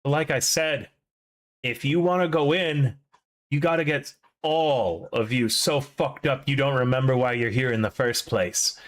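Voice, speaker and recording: A man's voice: mid-range voice, a little slow, pitched below the performer's own voice, lightly acted. A man voicing a drugged-out male gang lookout who talks in a lazy, slurred drawl. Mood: languid.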